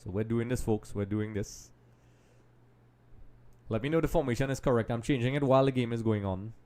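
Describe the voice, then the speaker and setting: A man's voice: medium pitch, brisk, warm tone. Chatty man hosting a live match watch-along. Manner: chatty, talks straight to viewers as folks; distracted, multitasking while commenting. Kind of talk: casual live match commentary.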